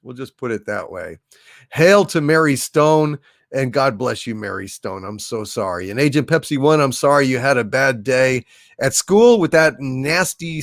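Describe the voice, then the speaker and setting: A man's voice: medium pitch, dry recording, clean studio sound. A man hosting a comedy livestream, chatting casually and bluntly as he reads out viewer messages, with some swearing. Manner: blunt, rambling, animated, swears freely.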